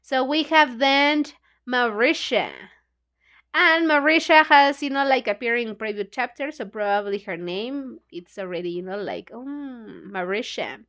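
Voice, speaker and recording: A woman's voice: fairly high pitch, moderate pace, a bit bright. A woman, a non-native English speaker whose first language is Spanish, hosting a beginners' book club and retelling a children's story loosely, with many "you know, like" fillers.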